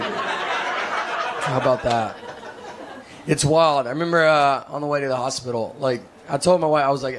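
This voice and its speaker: A man from Tennessee, in his thirties, doing a rambling, deadpan, self-deprecating stand-up set on a theater stage. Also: medium pitch, moderate pace. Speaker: stand-up comedian. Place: theater stage with a laughing audience. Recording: live stage recording with clear noise.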